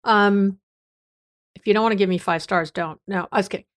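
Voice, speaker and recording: A woman in her fifties hosts her podcast from her office, chatting in a bubbly, easygoing way. Her voice is a touch hoarse and sits at an ordinary middle pitch. She laughs easily between thoughts. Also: steady tone, fairly quick. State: slightly hoarse. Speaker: psychologist and podcast host. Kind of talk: casual podcast chat.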